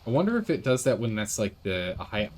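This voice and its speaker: A man streaming a game, chatting and rambling with quick asides. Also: lowish voice, sing-song, darkish tone, slight background noise. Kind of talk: gaming commentary.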